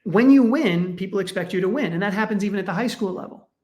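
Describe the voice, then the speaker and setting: A middle-aged man, a sports psychologist guest, speaking in a conversational, animated way and acting out the people in his stories. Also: fast talker. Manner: animated, acts out quoted parents with raised pitch. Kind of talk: conversational storytelling.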